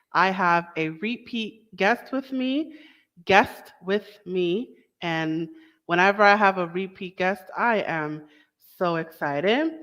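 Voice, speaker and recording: A woman's voice: fairly low pitch, a bit bright, smooth. A young woman hosting a casual talk show, chatty and enthusiastic, with small asides and self-corrections. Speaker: host. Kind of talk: casual podcast introduction.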